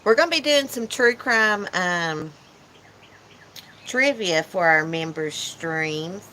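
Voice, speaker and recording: A woman's voice: fairly low pitch, expressive, slow, sharp tone, slight background noise, low-quality recording. A woman hosting a casual livestream chat from her porch, teasing and reading comments aloud. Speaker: channel host. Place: porch outdoors.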